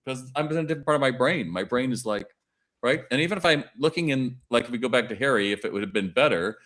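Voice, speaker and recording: A middle-aged retail consultant and keynote speaker talks quickly in a mid-range voice as a podcast guest. He's an animated storyteller, chatting away and acting out shop dialogue in his stories.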